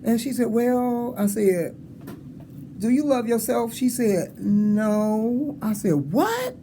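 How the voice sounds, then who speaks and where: A man's voice: high-pitched, slow, mellow, slight background noise. A man around sixty giving a casual, rambling motivational talk to students, acting out conversations and chuckling as he encourages them. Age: 60s. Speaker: motivational speaker. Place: school hall with an audience.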